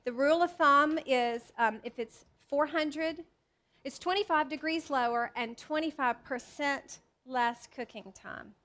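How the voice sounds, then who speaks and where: In a teaching kitchen before a live audience, a woman who writes cookbooks demonstrates a recipe, chatting, poking fun at herself, and frequently starting over. She speaks in a high, slightly bright voice without hurrying.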